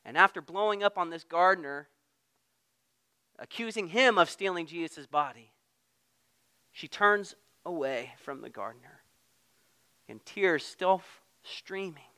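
A man preaching a sermon in a conversational way, at times getting loud and at times dropping to a hush. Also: high-pitched, expressive, a little slow, pauses often, smooth. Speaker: pastor.

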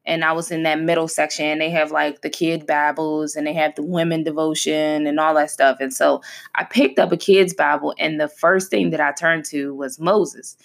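A woman's voice: deep voice, fairly even intonation, moderate pace, vocal fry. A woman in her thirties hosting a podcast, talking candidly and from the heart in a casual, conversational way and stressing her points by repeating them. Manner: conversational and heartfelt, with emphatic repetition. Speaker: podcast host. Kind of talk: candid personal talk.

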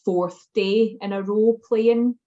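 A woman's voice: mid-range voice, fairly even intonation, slow pace, warm tone, slight background noise. A woman co-hosting a casual sports chat, jokey and self-mocking. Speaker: podcast co-host. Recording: slightly dull lo-fi audio.

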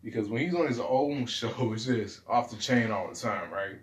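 A young man, rambling casually and profanely in a low-key, self-deprecating way. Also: moderate pace, slightly rough. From Southern United States. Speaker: vlogger.

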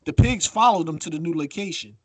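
A man cohosting a podcast, telling stories in a casual, profane, animated way. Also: on the high side, fairly quick, slightly rough, dry recording. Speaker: podcast co-host.

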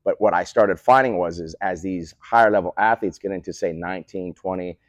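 Over a remote call, the co-owner of a speed training facility, a deep-voiced man, talks fairly quickly about his training methods in a relaxed interview. He's animated and coach-like, checking in with "right?" after points. The recording is dry with the highs cut off.

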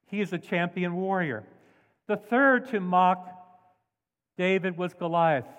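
A man's voice: sits high, slow pace, long pauses, fairly bright tone, in a large hall, lo-fi sound. A man preaching a sermon as pastor, telling stories with animation and acting out the voices of people he quotes. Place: church sanctuary.

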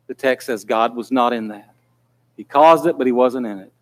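A man's voice: medium pitch, moderate pace. A man preaching a sermon in an earnest manner that builds to pleading intensity.

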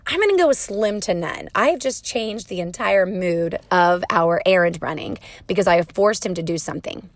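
Calm, patient woman giving parenting advice. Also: mid-range voice, creaky, no echo. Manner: calm, patient, explanatory, soft-spoken at times. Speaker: parenting educator.

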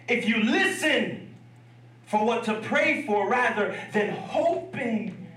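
A man's voice: sits high, expressive, slow pace, long pauses, bright, forceful tone, echoey room, far from the mic, low-quality recording. A man preaching a sermon in a church, telling a story with humor and laughing asides. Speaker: pastor. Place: church sanctuary.

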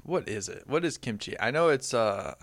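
A man's voice: medium pitch, animated, normal speed, gravelly. A man co-hosting a podcast in casual chat, cutting in with dry jokes. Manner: dry, joking, interjecting. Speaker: podcast co-host.

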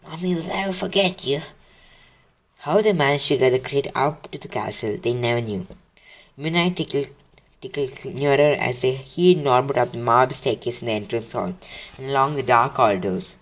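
A man's voice: medium pitch, normal speed. A man reading a children's book aloud, casually, with slips and restarts. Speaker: reader.

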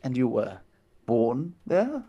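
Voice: mid-range voice, wildly swooping pitch, takes it slowly, lo-fi sound, slight background noise, full character voice. A performer playing a frail, posh director in his eighties who talks in a doddering, courtly and tactless way. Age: 80s. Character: frail posh elderly male film director.

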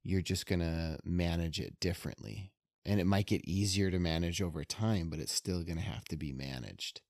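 A man speaking in a calm, reassuring way in a casual podcast conversation. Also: low voice, moderate pace, dry recording, clean studio sound.

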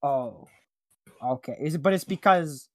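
A man hosting a comedy podcast, goofy and flustered, his voice jumping up high when he panics. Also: unhurried, fairly bright tone, no room sound, clean studio sound. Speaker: podcast host. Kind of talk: comedic casual chat.

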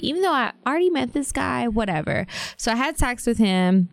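A woman's voice: mid-range voice, animated, fast talker, vocal fry, no echo. A young woman co-hosting a podcast, candidly telling a personal story in casual chat and acting out the quoted lines. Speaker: podcast co-host.

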